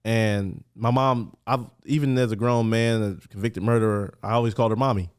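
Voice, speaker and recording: A man's voice: medium pitch, fairly even intonation, a little fast, clear, resonant tone. A man who is a podcast guest, candidly and earnestly telling his personal story in casual street talk in a studio.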